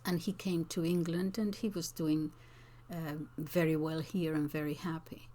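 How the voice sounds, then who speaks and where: A woman teacher answering viewers' comments in an unscripted talk, slow and thoughtful, with frequent hesitations and restarts. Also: low-pitched, fairly even intonation, warm tone. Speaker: language teacher and channel host.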